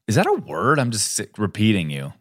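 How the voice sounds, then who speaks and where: A male podcast co-host in loose, casual chat. He talks bluntly and swears freely, chiming in fast with agreement. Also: fairly low pitch, wildly swooping pitch, a bit bright. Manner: blunt and profane, quick to agree.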